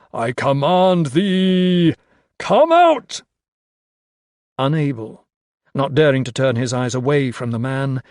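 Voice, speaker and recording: A man narrating a horror story with slow, expressive storytelling. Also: mid-range voice, no echo, studio quality. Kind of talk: dramatic audiobook narration.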